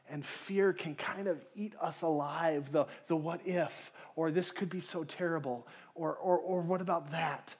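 A pastor preaching a conversational sermon, asking the congregation questions and acting out people's inner voices. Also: male voice, fairly high pitch, fairly even intonation, normal speed.

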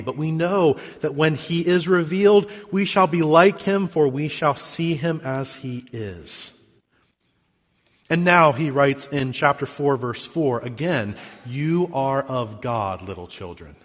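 A man preaching a sermon as pastor, reading scripture and stressing key words, with sharp swings between loud emphasis and quiet drops. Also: a little slow, long reverb tail. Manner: emphatic preaching with big swings in pitch and volume.

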